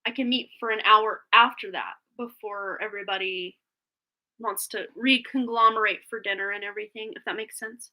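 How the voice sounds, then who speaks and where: A woman's voice: mid-range voice, fairly even intonation, normal speed, pushed and bright. A woman reading tarot on a live stream, chatting casually in a rambling way with frequent laughs, a little phlegmy after being sick.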